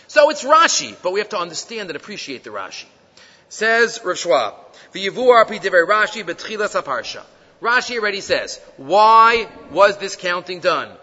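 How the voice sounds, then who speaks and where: A man teaching the weekly Torah portion, animated and full of rhetorical questions, reading Hebrew quotes and explaining them in English. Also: sits high. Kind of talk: Torah lecture. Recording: dull lo-fi recording in a reverberant hall.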